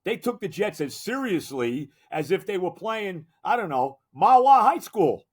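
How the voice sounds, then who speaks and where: A man's voice: sits high, very animated, unhurried, husky. An older man hosting a sports podcast, ranting in an exasperated, emphatic way and repeating himself. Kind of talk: solo sports rant.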